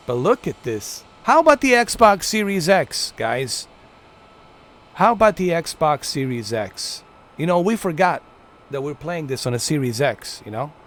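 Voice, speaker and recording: A man streaming a flight game, giving chatty, playful live commentary to his viewers. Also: on the high side. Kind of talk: casual gameplay commentary.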